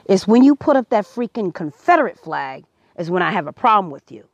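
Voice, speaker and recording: A woman's voice: medium pitch, very animated, brisk, no room sound, muffled recording. Earnest woman preaching to camera. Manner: earnest, preachy, rising to emphatic. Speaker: vlogger. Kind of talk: impassioned personal commentary.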